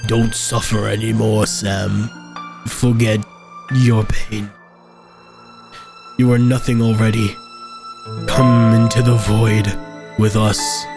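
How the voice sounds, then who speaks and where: A limping corpse double of a painter pleads in a slow, level voice, read by a man without much change from his own. The delivery barely rises or falls. Game music plays clearly under him. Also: fairly low pitch. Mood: pleading. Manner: slow, flat reading of a figure's lines.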